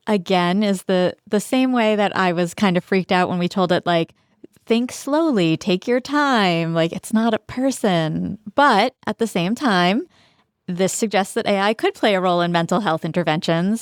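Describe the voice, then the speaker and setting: A woman co-hosting a podcast, giving quick, playful replies and thinking aloud in casual chat. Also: fairly low pitch, smooth, dry recording, clean studio sound. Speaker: podcast co-host. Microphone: studio microphone, on camera.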